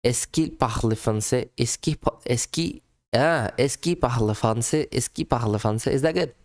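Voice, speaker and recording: A man's voice: medium pitch, moderate pace. A man on a casual live stream, repeating lesson phrases aloud, laughing, swearing and mocking his own attempts. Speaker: streamer reacting to a French lesson.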